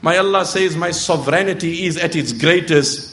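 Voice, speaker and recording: A middle-aged male preacher with a noticeably high voice delivers a sermon. He tells stories and acts out the people in them, now and then reciting verses in Arabic. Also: moderate pace, a bit bright.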